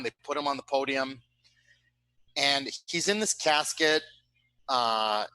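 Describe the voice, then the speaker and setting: A young man casually telling a long anecdote over a remote call, animated and profane, often tagging on "right?". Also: medium pitch, no echo, poor audio. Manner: animated, profane, with frequent tag questions.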